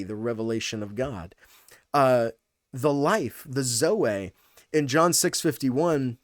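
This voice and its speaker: Casual pastor teaching Greek, dry sound. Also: male voice, medium pitch, no echo. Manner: casual, thinking aloud with fillers and restarts. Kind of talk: teaching Bible study video.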